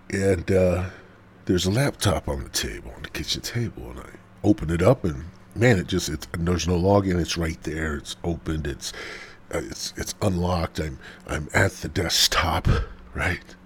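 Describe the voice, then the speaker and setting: A man's voice: low-pitched, unhurried, a little hiss or hum. A man hosting a podcast, telling a rambling, profane story full of fillers and dropping into whispers. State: smoking while talking, coughing. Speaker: podcast host. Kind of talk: casual storytelling monologue.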